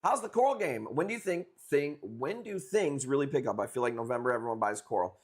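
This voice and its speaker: A man's voice: mid-range voice, expressive, fairly quick, husky. A young man from the Chicago area chatting loosely with viewers during a live coral auction stream, swearing casually as he talks. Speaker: livestream coral seller. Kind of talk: casual livestream chat.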